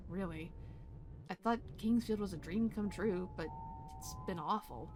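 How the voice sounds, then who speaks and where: A woman's voice: lowish voice, natural voice. Woman reading as a fed up broke young person, blunt and sarcastic, tired. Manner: blunt, sardonic and weary. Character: bitter, worn-out young adult, broke and fed up.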